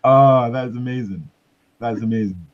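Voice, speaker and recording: A Scottish man chatting casually as a podcast co-host, telling animated, sweary stories. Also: medium pitch, normal speed. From Scotland. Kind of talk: casual chat. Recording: slightly muffled lo-fi audio.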